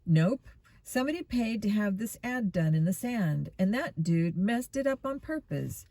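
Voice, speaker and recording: A woman's voice: medium pitch, lively intonation, moderate pace, warm tone, no echo. A woman voicing a breezy, easygoing teenage boy detective in a storybook reading.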